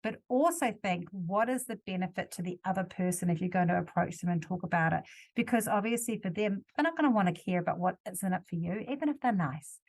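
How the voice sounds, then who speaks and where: A woman's voice: fairly low pitch, fast, darkish tone. A woman from New Zealand hosting a solo podcast, talking casually and correcting herself as she goes. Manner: conversational, self-correcting, gives examples. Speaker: podcast host.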